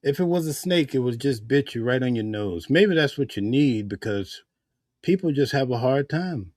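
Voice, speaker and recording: A man's voice: mid-range voice, lively intonation, normal speed, a little mellow, no room sound, studio quality. A man giving casual spoken commentary in a heated, preachy way, full of rhetorical questions. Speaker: vlogger.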